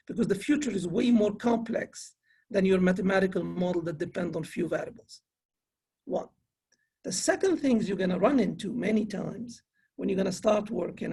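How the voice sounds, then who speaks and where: A male finance professor lectures earnestly to an online conference audience. His voice sits fairly high and carries a gravelly, husky grain. He often restarts his phrases mid-thought. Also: a little mellow. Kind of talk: conference presentation.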